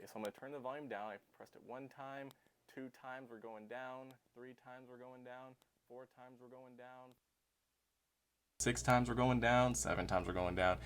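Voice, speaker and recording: Lively, chatty man reviewing gear. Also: medium pitch. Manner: chatty, upbeat, demonstrating hands-on. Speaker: tech reviewer. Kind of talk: product review vlog. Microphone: clip-on lavalier.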